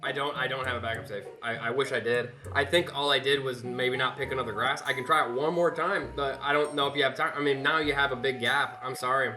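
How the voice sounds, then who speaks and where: A man's voice: medium pitch, fairly even intonation, quick pace, few pauses, pushed and bright, faint music behind. A man commentating his live speedrun, nervous and apologetic, stammering and restarting his sentences.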